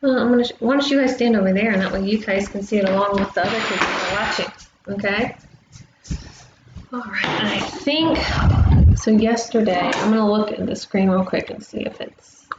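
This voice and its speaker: A woman running a casual lesson for young children, chatty and explaining things simply with many pauses, recorded on a laptop microphone at home. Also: medium pitch. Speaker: travel agent host. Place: home room. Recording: dull, echoey room with background noise.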